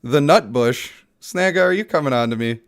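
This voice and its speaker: A man's voice: medium pitch, animated, moderate pace. A man who is sick, giving casual, playful live-stream commentary on a mobile game and chatting with viewers.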